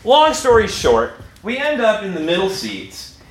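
A man telling a funny story live on stage, animated, breaking into laughter and restarting sentences. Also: sits high, measured pace. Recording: echoey room with background noise.

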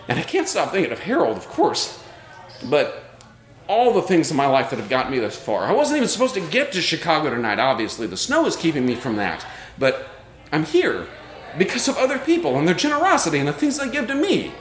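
A man's voice: a little high, huge pitch swings, brisk. A man telling a personal story live on stage, earnest and reflective in tone. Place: live show at a brewery. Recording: roomy live venue sound.

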